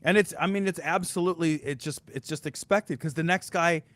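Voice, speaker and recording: A man's voice: a little high, a little fast, fairly bright tone, no echo. An American man co-hosting a podcast, musing aloud in casual chat with frequent swearing. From United States. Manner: profane, musing. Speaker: podcast co-host.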